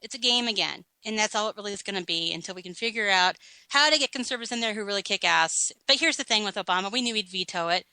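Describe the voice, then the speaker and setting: Woman talk host, sarcastic and blunt, bright tone, close dry mic. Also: mid-range voice, lively intonation, fast, dry recording, low-quality recording. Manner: sarcastic, blunt, laughing at her own list. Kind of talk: opinionated political commentary.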